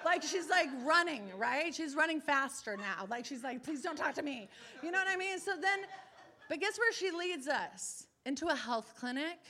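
Woman preacher, high bright voice, animated storytelling, acts out the people she quotes. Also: moderate pace. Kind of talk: testimony in a sermon.

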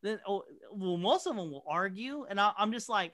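A man in casual conversation, telling stories from his job with a lot of energy. His pitch swoops up and down as he acts out what he and his customers said. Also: moderate pace, few pauses. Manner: animated storyteller acting out quoted exchanges. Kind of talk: casual chat, storytelling.

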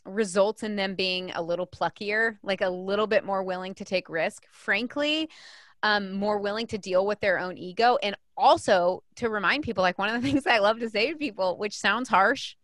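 A woman in her thirties talking as a guest on a podcast, emphatic and fast-flowing, with frequent "like" fillers. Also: mid-range voice, fairly bright tone, dry recording, studio quality. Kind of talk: podcast conversation.

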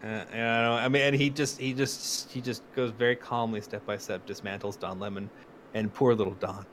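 A man's voice: mid-range voice, flat delivery, a little fast, a bit bright, slight background noise. A man co-hosting a podcast in casual chat, ranting in a sarcastic and profane way. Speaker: podcast co-host.

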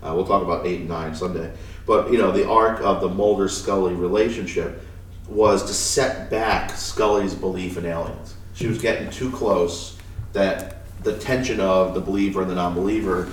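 Low-voiced man, off-mic in an echoey room. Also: moderate pace, far from the mic, slight background noise. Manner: rambling, trails off and restarts. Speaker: podcast co-host. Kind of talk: casual chat, episode review.

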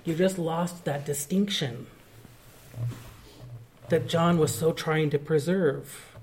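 Higher-voiced male pastor preaching. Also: steady tone, slow pace, long pauses, a little mellow, a little hiss or hum. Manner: earnest, explanatory teaching. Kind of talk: sermon.

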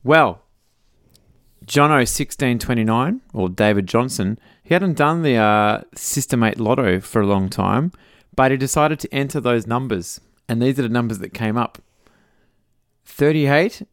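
Smooth-voiced Australian dad podcaster. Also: male voice, mid-range voice, lively intonation, a little slow, no room sound, clean studio sound. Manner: jokey, reads out listener messages. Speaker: podcast co-host. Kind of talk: casual chat.

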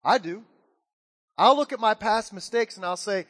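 Man, pastor, animated sermon; high-pitched voice with long reverb from the hall. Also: normal speed. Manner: animated storytelling with acted-out quotes.

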